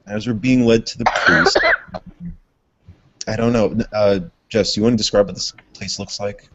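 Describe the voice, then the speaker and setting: A man's voice: lowish voice, unhurried, muffled recording, heavy background noise. A man running a tabletop role-playing game as game master, talking casually with rambling asides and swearing.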